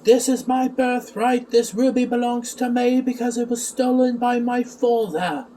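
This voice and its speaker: A man's voice: extremely high pitch, steady tone, unhurried, warm tone, slight background noise, pitched above the performer's own voice. A man voicing a power-hungry young man in a raised, insistent voice, recorded on a distant mic. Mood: defiant.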